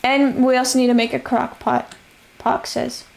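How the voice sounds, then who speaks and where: A young woman streaming a survival game, her voice going hoarse as she rambles and narrates her moves with casual swearing. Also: high-pitched, little pitch movement, moderate pace. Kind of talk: casual live-stream chatter.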